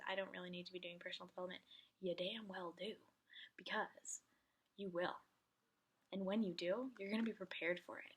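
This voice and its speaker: A woman with a lowish, slightly bright, husky voice gives a casual motivational talk to camera as a business coach. Her pep talk is chatty, direct, and encouraging, with lots of "like."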